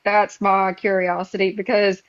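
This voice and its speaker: A middle-aged woman hosting a podcast, telling stories in a casual, animated way and acting out her own past reactions. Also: medium pitch, unhurried, dry recording. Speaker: podcast host. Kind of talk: casual chat. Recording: dull, dry lo-fi sound.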